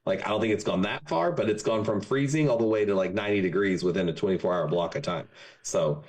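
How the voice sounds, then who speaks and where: A man's voice: fairly low pitch, fast, a little mellow. A man in his forties from Texas, a podcast guest in casual chat, an easygoing, jokey storyteller. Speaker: podcast guest, marketing consultant.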